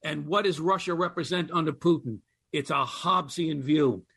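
A man with a notably high-pitched voice speaks as a guest historian on a radio interview. He explains with earnest emphasis, leaning into his key points. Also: normal speed, vocal fry, fairly bright tone, breathy edge.

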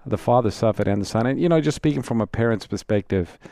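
Low mellow dude co-hosting bible radio, dry sound, reflective and quotes verses. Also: male voice, expressive, fast talker, no room sound. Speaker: radio Bible program co-host. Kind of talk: call-in radio Bible answers.

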